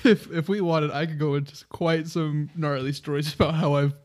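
A man's voice: a little high, fairly even intonation, moderate pace, darkish tone. A man co-hosting a podcast, telling stories casually and laughing as he goes. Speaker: podcast co-host. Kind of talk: casual storytelling chat.

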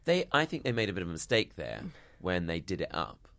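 A woman, co-hosting a casual chat with quick, playful reactions. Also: very deep voice, wildly swooping pitch, a bit bright, dry recording.

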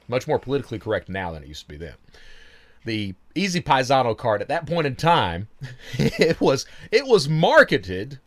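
A man telling his story in a casual interview, animated, laughing often and swearing freely. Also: mid-range voice, moderate pace. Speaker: guest.

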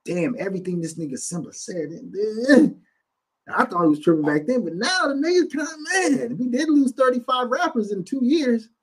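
A man putting on the voice of a rambling, excited relative in a mocking impression. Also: normal speed, breathy edge, full character voice. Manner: high-pitched, rambling, excited.

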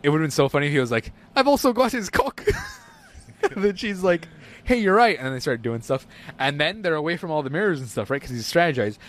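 A young man chatting with friends, his pitch leaping up and down as he rants. He swears constantly and mocks whatever he talks about, slipping into silly put-on voices. His voice sits a little high for a man. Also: expressive, quick pace. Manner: profane, mocking, acts out scenes in silly voices. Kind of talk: casual chat.

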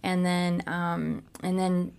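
A woman from Cincinnati, a podcast guest, frankly and haltingly recounting her own past with many restarts. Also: on the low side, little pitch movement, gravelly, a little mellow, clean tone. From Cincinnati, United States. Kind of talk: candid personal storytelling.

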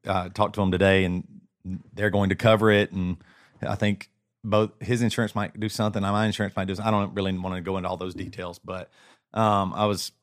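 A podcast co-host with a lowish voice tells a personal story in a shaken, halting way, with many restarts and repeats as he circles back over his words. The chat is casual and close-miked, with a dry sound and no room sound.

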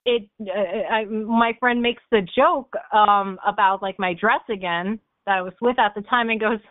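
A young woman chats as a podcast guest, telling her stories with lots of fillers and laughter. Her voice sits at a middle pitch for a woman. The sound is thin and tinny, like a phone call. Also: normal speed, dry recording. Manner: animated storyteller who laughs often, with fillers like "like" and "um". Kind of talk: casual storytelling on a podcast.

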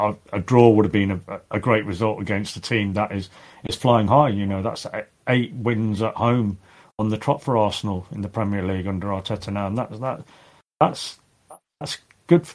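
A man speaking as a guest on a casual podcast, halting, with many restarts and fillers. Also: fairly low pitch.

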